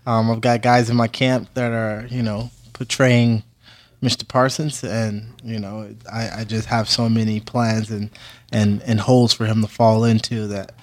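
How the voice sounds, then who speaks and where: A man's voice: fairly low pitch, flat delivery, measured pace, no room sound. A young man, a fighter, chatting easygoing in an interview, with lots of fillers and easy laughs. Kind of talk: casual interview chat.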